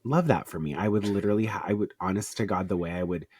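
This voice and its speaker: A man's voice: deep voice, fast talker, darkish tone, slightly rough, no echo. A man from Arizona co-hosting a podcast in casual chat, sarcastic and profane, cracking jokes as he reads through a story. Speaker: podcast co-host.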